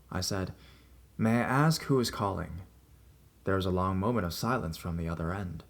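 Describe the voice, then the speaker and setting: A man narrating a scripted horror story in a measured storytelling delivery. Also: deep voice.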